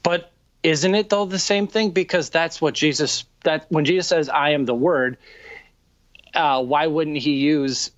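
A man in a theological debate, asking earnest questions in a halting way with many restarts. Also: on the high side, no echo. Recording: dull, dry lo-fi sound.

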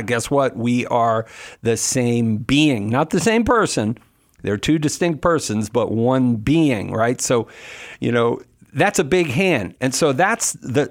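A middle-aged man answering callers' questions on a call-in show, explaining scripture with emphatic asides. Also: medium pitch. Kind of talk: call-in radio talk.

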